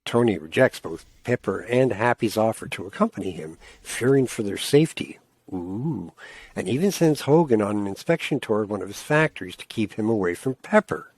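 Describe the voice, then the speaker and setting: A man with a fairly low voice co-hosts a relaxed comic-book podcast. He reads the plot out loud and keeps breaking off to crack jokes about it. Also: a little fast, few pauses, dry recording. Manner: reads plot summaries aloud with joking asides. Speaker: podcast co-host.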